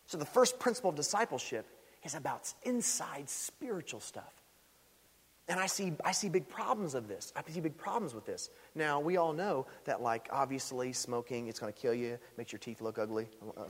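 A man preaching a sermon in a church sanctuary, telling stories in an animated way and rising loud when stirred. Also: medium pitch. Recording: echoey hall.

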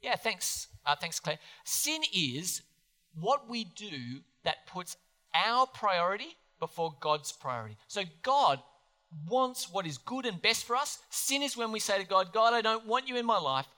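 Animated, earnest male pastor preaching in a hall. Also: sits high, measured pace. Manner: animated, earnest, asks the congregation questions. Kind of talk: sermon. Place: church hall. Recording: long hall reverb.

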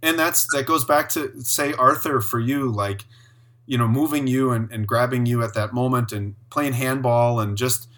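Bright-voiced man hosting a podcast. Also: medium pitch, moderate pace. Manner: enthusiastic, storytelling, affirming. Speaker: podcast host. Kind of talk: conversational interview.

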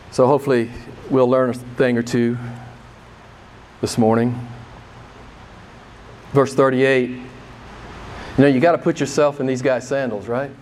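A man preaching a sermon, emphatic and conversational, pressing the congregation with repeated rhetorical questions. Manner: emphatic, rhetorical questions, wide swings in pitch and loudness. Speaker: pastor.

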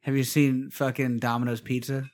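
A man's voice: medium pitch, level tone, normal speed, darkish tone. A man co-hosting a casual podcast, joking around and swearing. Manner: joking, swearing, asks questions. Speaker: podcast co-host. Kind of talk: casual chat.

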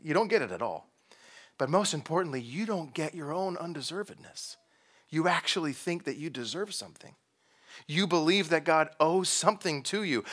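A man preaching a sermon, animated and playful, acting out voices of figures in the story. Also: a little high, moderate pace. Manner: animated, acts out voices of biblical figures with humor. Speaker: pastor.

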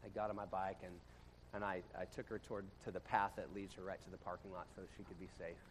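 A male pastor giving a casual storytelling sermon to a congregation, talking conversationally and swinging from loud bursts to quiet, low passages. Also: little pitch movement, quick pace, slight background noise. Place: church room with a congregation.

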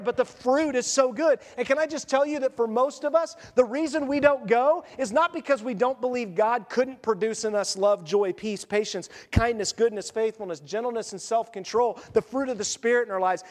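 Male pastor, conversational sermon delivery, animated asides, high-pitched, echoing sanctuary.

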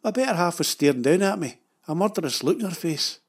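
A man's voice: high-pitched, lively intonation, fast, husky. Wry Scottish man telling a story. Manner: dry, wry, self-mocking. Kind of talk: humorous storytelling narration.

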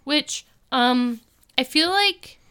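Smooth-voiced woman chatting casually. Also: high voice, lively intonation, drawn-out words, bright, forceful tone. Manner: chatty, many fillers and restarts. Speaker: podcast co-host. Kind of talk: casual recap chat.

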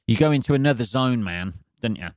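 A man's voice: medium pitch, animated, brisk, a little mellow, no echo, clean studio sound. A middle-aged man, rambling sweary and meandering through a solo podcast while lightheaded and dozy on painkillers. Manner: sweary, meandering, self-interrupting. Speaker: podcast host.

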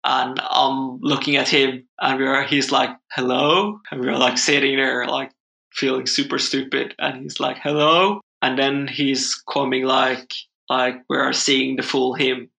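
Bright gravelly young man telling a story. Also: mid-range voice, completely flat delivery, unhurried. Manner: rambling, full of "like" fillers. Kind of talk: casual chat.

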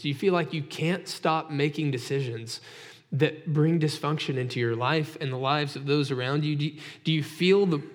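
A male pastor preaching a sermon in a conversational way, asking his listeners direct rhetorical questions. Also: on the high side. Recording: long hall reverb.

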